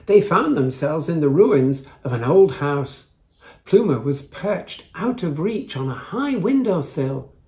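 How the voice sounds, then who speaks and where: A man reading a picture book aloud to children, gentle and showing the pages. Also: fairly high pitch, very animated. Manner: gentle, unhurried, shows the pages. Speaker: storyteller.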